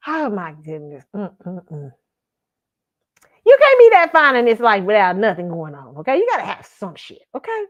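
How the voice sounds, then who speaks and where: A woman hosting a casual pop culture commentary show, animated and laughing often, swearing freely and acting out her own reactions. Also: on the high side, a little slow, pauses often. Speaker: host.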